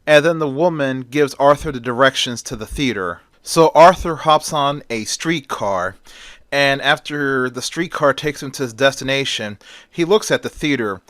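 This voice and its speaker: A man's voice: mid-range voice, normal speed, a bit bright, dry recording, studio quality. A man retelling a story in a plain casual way, with small slips and fillers.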